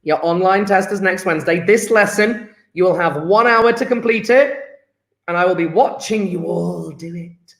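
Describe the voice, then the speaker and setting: Taking an online register, this male chemistry teacher keeps things upbeat, joking and chatty with his students. His voice is high-pitched and gravelly at a normal speed, with reverb around it.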